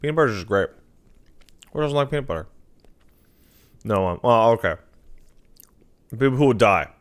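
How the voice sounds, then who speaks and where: A man's voice: medium pitch, animated, moderate pace. A man streaming from home on a desk mic, chatting casually to his cat with profane, mock-scolding banter. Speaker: game streamer. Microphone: desk mic on a stand.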